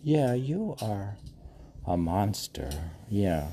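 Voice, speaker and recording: Speaking very slowly, this man has a fairly low, dark voice with big pitch swings. As a podcast host, he reads poems in a relaxed way and mocks himself through a question-and-answer exchange with himself.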